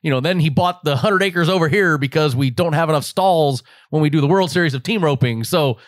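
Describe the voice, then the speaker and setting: An American man from Las Vegas in his forties, a guest in an interview, telling animated, joking stories and acting out the voices of his family. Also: a little high, a little fast, no room sound, clean studio sound. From Las Vegas, United States. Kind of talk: casual interview storytelling.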